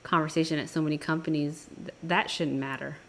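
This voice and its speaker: A woman's voice: sits low, fairly even intonation, fairly quick, fairly bright tone. A woman co-hosting a podcast, chatting casually and weighing her words as she argues a point. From New York. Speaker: podcast co-host. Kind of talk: casual debate chat.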